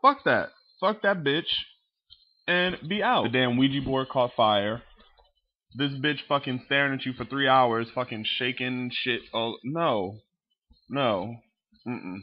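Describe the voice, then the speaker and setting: A man vlogs to his webcam, ranting casually about movie scenes in a slow, mid-range voice, and the audio is dull. His delivery is animated and profane, with plenty of character impressions.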